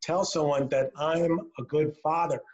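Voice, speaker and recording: A middle-aged man from upstate New York doing a stand-up set over a video call from home, landing punchlines dry and slowed down. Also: fairly high pitch, steady tone, darkish tone, lo-fi sound. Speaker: stand-up comedian. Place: a home, indoors.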